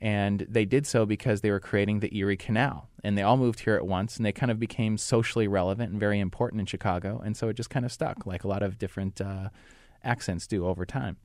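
A male podcast host talks in a relaxed, explanatory way and uses a few fillers along the way. His voice sits low and is recorded dry and close in the studio. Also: quick pace, no echo. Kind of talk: casual podcast chat.

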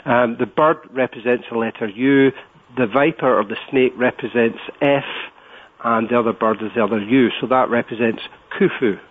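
A man's voice: medium pitch, normal speed. A Scottish man talking as a guest, his voice in a middle register and thin, squeezed through a narrow phone line. He gropes for words, stacking up little fillers before each point. Then he lands his point steadily. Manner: hesitant, many filler words. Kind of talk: interview over the phone.

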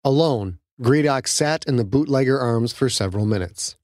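A man narrating his own novel as an audiobook, reading in a dramatic, lively way. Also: medium pitch, moderate pace, over music. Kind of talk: scripted narration.

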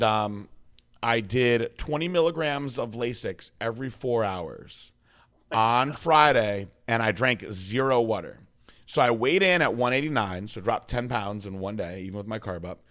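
A man telling a story with lively flair. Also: medium pitch, moderate pace. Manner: lively storyteller, swears freely, mimics others in a raised voice. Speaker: podcast guest, bodybuilding coach. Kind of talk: storytelling in a casual interview.

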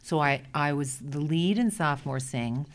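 A middle-aged woman with a Brooklyn accent, telling lively stories as a guest in a casual interview. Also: deep voice. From Brooklyn, New York. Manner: chatty, animated anecdotes with quick restarts. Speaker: guest, Broadway performer.

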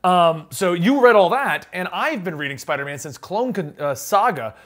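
Male comics podcast host, high animated voice, teasing and chatty. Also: normal speed. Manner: playful teasing, reads list aloud. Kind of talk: casual comics podcast chat.

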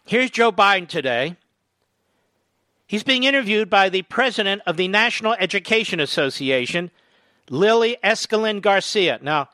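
A man's voice: high voice, pushed and bright, clean tone, dry recording. A man hosting a political talk radio show, emphatic and indignant, hammering points home by repeating them.

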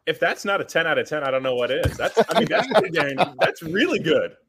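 A man's voice: a little high, sing-song, fast, a bit bright, slight background noise. A man from central Illinois, a sports writer guest, giving eager, earnest basketball analysis and repeating words as he goes.

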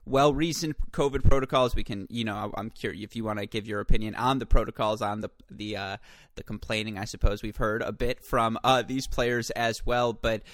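A man's voice: on the low side, fairly even intonation, a little fast, fairly bright tone, no echo, clean studio sound. A man hosting a podcast interview, chatty and joking, with frequent filler words. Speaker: podcast host.

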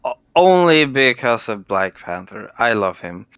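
A man's voice: mid-range voice, big pitch swings, a little slow, a bit bright, clear, resonant tone, no echo. A Swedish man, tipsy, rambling and stumbling over his words in a casual podcast chat over a call. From Sweden. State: drunk. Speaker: podcast co-host. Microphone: remote call mic.

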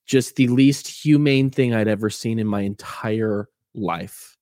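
A man co-hosting a casual podcast, telling stories with animated indignation. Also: on the low side, measured pace, dry recording, studio quality. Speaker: co-host.

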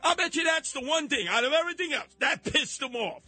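A man hosting a talk radio show with mocking, animated comic riffs. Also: very high-pitched, fairly quick, hardly any pauses, dry recording, faint music behind. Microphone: studio microphone.

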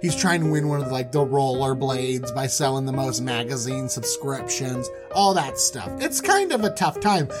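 A man co-hosting a podcast, retelling Bible stories in a jokey, animated way. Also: normal speed, few pauses, over loud music. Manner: animated, jokey, swooping pitch. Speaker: podcast co-host.

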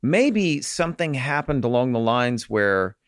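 A man's voice: mid-range voice, sing-song, unhurried, dry recording, clean studio sound. A man, a podcast co-host, giving wry reactions and jokes in casual chat.

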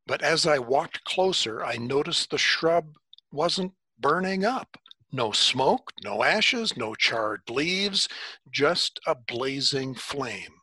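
A man telling a story in the first person, unhurried, with dramatic pauses. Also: on the high side, animated, pushed and bright, slightly rough, dry recording.

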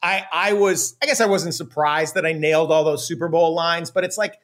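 A man's voice: a little high, fairly even intonation, fairly quick, fairly bright tone. A man co-hosting a casual sports chat, ranting with sarcasm, laughing and swearing. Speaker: podcast co-host.

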